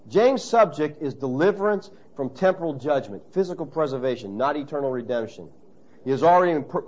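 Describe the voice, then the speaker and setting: A man preaching to his congregation in a slightly raised voice. He is emphatic and direct, and breaks into loud acted-out quotes. The recording is dull and muffled. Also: a little high. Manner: acts out quoted voices with sudden loud bursts. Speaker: pastor. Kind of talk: sermon.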